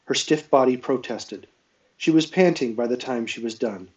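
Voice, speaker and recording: A man's voice: mid-range voice, moderate pace, distant mic. Man reading a novel aloud, lo-fi. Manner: steady storytelling with small self-corrections. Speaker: reader.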